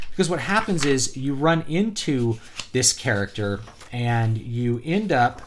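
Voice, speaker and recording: A man in a casual review video, giving his opinions on a printed book. He talks conversationally and fills the pauses with ums and uhs. His pitch sits in an ordinary middle range. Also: a little hiss or hum. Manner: conversational, opinionated, many fillers. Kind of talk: casual product review vlog.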